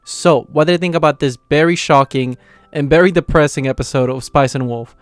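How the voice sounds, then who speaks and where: A man's voice: on the high side, fairly quick, no room sound. A young man hosting his anime channel, recapping an episode in a rambling, casual way full of quoted lines and fillers. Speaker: anime reaction channel host.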